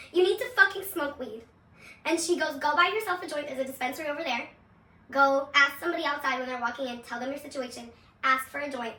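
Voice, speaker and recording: A woman's voice: sits high, pushed and bright, distant mic. A young woman from Seattle telling her personal testimony, candid and casual, swearing freely and laughing often. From Seattle, USA. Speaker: vlogger. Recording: echoey room, voice away from the mic.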